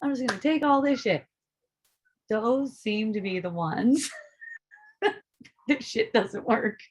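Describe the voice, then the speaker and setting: A woman with a slightly high voice hosts a loose, unscripted group talk. She rambles, swears freely and laughs often between thoughts. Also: expressive, slow pace. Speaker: host of a spiritual dialogue group. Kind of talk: casual live group talk.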